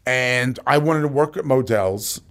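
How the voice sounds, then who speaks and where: A man's voice: mid-range voice, a little slow. New York-accented man telling stories. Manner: animated storyteller, many fillers. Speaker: company executive guest. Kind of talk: casual interview talk.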